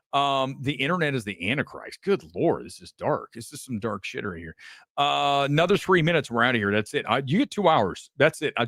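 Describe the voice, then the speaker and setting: Guy hosting a live talk show, pitch jumping all over, cussing a lot, dry close mic. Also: dry recording. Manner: animated, swearing, jumps between topics. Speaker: host. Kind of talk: casual live commentary show.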